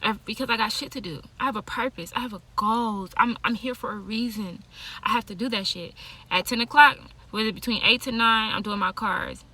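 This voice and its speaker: A woman's voice: on the high side, fairly quick, sharp tone. A woman tarot reader and yoga teacher talking to camera in a casual monologue, blunt and profane, laughing often.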